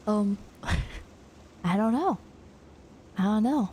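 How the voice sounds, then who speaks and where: A woman streamer telling a story in a rambling, animated way with casual swearing. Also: mid-range voice, very slow, slight background noise.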